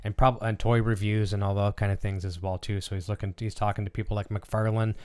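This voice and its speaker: A man hosts a relaxed live stream in a lowish voice, rattling along at a quick clip. His speech stays smooth and clear, though he drops plenty of ums and uhs between thoughts. He sounds like a friendly channel host chatting off the cuff. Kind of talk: casual live-stream chat.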